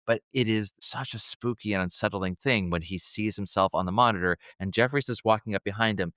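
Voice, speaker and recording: A man co-hosting a podcast, chatting casually and excitably about a film, with laughs and trailing restarts. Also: on the low side, fairly quick, no echo, clean studio sound. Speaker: podcast co-host.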